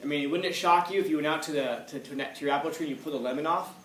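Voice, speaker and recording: A man's voice: on the high side, rapid-fire, a bit bright. Man lecturing in an echoey classroom. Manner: conversational, repeats points for emphasis. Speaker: teacher. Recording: echoey room, far from mic, faint noise.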